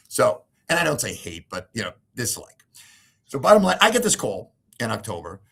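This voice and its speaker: A man's voice: mid-range voice, creaky. A man in an interview, telling a heated story emphatically and acting out other people's words with lots of repetition. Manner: animated, acts out quoted voices, emphatic repetition. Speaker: interview guest.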